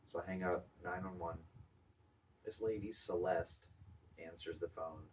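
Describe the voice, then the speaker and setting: A man's voice: low-pitched, fairly even intonation, moderate pace, vocal fry, a little mellow. A young man casually telling a road-trip story on a podcast, laid-back and swearing. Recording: distant mic, faint room noise.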